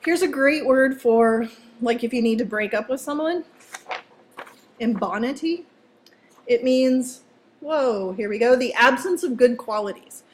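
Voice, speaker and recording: A woman's voice: a little high, unhurried, pauses often. A woman teaching a vocabulary lesson to students in a playful, chatty way, joking as she goes. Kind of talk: casual classroom vocabulary lesson.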